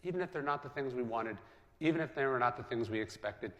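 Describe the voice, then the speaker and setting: A man with an ordinary mid-range voice explains ideas in a measured way. He keeps checking in with his listeners. His voice trails off into a long hall reverb. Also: medium pitch, expressive, fairly bright tone. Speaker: speaker on philosophy. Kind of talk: explanatory talk.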